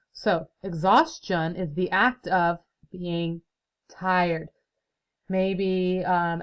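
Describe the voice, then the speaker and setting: Woman, young adult, teacher, phonics lesson for kids, patient, slow-paced, slightly low voice. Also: poor audio. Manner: patient, explains slowly, claps out syllables. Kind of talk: recorded phonics lesson for children.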